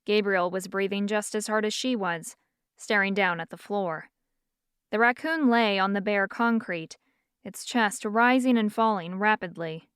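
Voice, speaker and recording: A woman reading an audiobook as narrator in an even, smooth storytelling manner. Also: medium pitch, moderate pace, no room sound, clean studio sound. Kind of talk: scripted narration.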